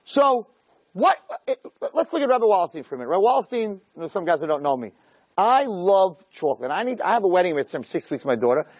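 A middle-aged man giving a jokey, animated storytelling talk as a rabbi, peppering it with "right?". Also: high-pitched, quick pace, no echo. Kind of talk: storytelling lecture.

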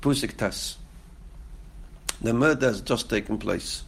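A man's voice: medium pitch, unhurried, vocal fry, slight background noise. A man teaching a Torah lesson on Genesis, quoting verses and commentary and translating them, with rhetorical questions and repeated phrases for emphasis.

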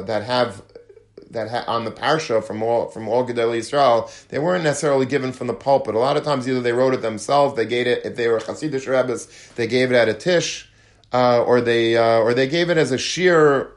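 Male rabbi, sermon storyteller with plenty of color. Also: mid-range voice. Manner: lively storyteller, acts out quotes, Yiddish and Hebrew terms. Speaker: rabbi giving a talk.

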